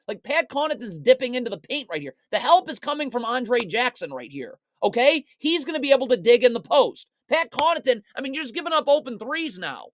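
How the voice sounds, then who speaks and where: Sarcastic mock-furious basketball film breakdown. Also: slight background noise. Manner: sarcastic, mock-exasperated, talks directly to the players; swings between low mutters and loud outbursts. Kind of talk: video breakdown commentary over game footage.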